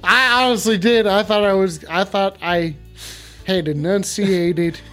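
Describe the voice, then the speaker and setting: A man hosting a live stream in joking banter, putting on a folksy cowboy drawl and loud mock outrage. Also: high-pitched, measured pace, faint music behind. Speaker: stream host.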